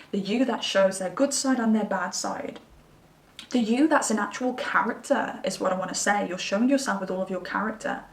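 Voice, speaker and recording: A woman's voice: medium pitch, recorded from a distance. Chatty woman reading tarot. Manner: intuitive, chatty, reassuring. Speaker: tarot reader. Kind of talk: pick-a-card tarot reading. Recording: roomy sound from away from the mic.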